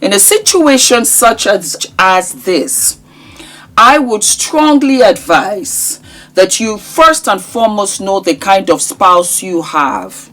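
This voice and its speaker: A woman hosting a casual vlog, talking to her viewers in an affectionate, animated way and sometimes singing a word. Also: medium pitch, slow pace. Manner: affectionate, animated, sings words at times. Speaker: vlogger host.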